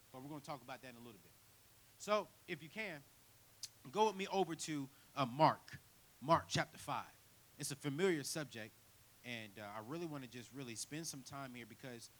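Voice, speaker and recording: A man preaching a sermon in church, telling his own story with big swings from quiet to near shouting. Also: on the high side, slight background noise, poor audio. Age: 30s. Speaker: guest preacher. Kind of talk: sermon with personal testimony.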